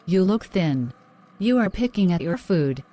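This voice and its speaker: A woman playing an earnest, anxious mother in a cartoon story, in a fairly low voice full of motherly concern. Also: animated, measured pace, mellow. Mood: worried. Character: anxious, caring mother, middle-aged. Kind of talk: animated story voice acting.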